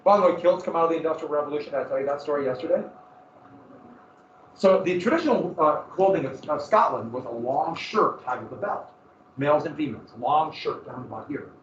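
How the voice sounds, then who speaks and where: A man's voice: on the high side, expressive, a little fast, a little hiss or hum. A male teacher giving a casual, joking class lecture that often wanders into personal stories. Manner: casual, joking, digressive storytelling. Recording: roomy, dull, from a distant mic.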